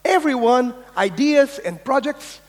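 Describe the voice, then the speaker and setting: High-voiced man keynoting in a reverberant hall. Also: a little slow. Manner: energetic, insistent, swears, acts out quoted voices. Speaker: keynote speaker. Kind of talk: conference keynote talk. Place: large conference hall.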